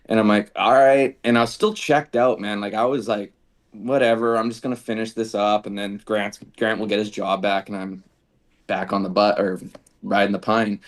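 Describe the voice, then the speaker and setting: A man's voice: on the low side, normal speed. A man, a guest on a podcast, telling casual stories and acting out the dialogue of the people in them. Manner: animated storyteller acting out quoted dialogue. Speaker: podcast guest, former football kicker. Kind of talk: casual storytelling interview.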